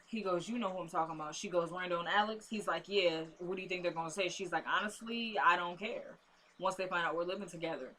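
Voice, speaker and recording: A woman's voice: on the low side, quick pace, pushed and bright, slight background noise. A woman casually recapping a TV episode for her viewers, chatty and drifting into asides, calling them "y'all".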